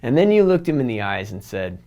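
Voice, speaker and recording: A man in a church recounts a personal story for a retiring pastor, his pitch climbing and dropping as he acts out each person in the story. His voice sits in an ordinary middle register, and he keeps it warm and conversational. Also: fairly quick, muffled recording. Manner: animated anecdote-telling, voicing others in quotes. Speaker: church member giving a tribute. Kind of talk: storytelling farewell tribute.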